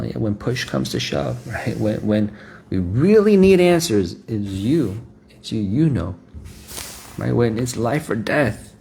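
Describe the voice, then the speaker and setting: A man's voice: medium pitch, vocal fry, a little mellow, a little hiss or hum. A man preaching a sermon in a rhetorical, repetitive way, often checking in with "right?".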